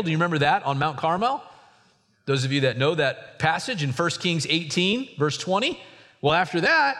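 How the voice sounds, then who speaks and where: A man preaching a sermon as a pastor, swinging from soft asides to sudden high emphasis. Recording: hall reverb.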